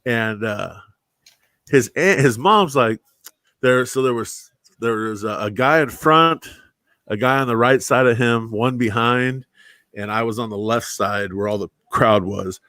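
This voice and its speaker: A man's voice: mid-range voice, a little slow, sharp tone, no echo. A man casually telling stories about his old security work, acting out the people he quotes and dropping "bro" and "dude". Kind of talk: casual storytelling chat.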